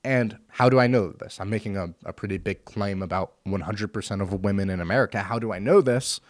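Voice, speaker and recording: A man delivering an opinion monologue, forceful and full of rhetorical questions. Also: fairly low pitch, brisk, dry recording, clean studio sound. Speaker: commentator.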